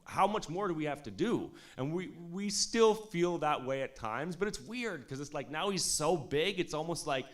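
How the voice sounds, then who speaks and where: A man in his thirties telling a casual, animated story about his studio years, peppered with swearing and "like" and "you know". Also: a little high, moderate pace, few pauses. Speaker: music producer speaking at an industry showcase.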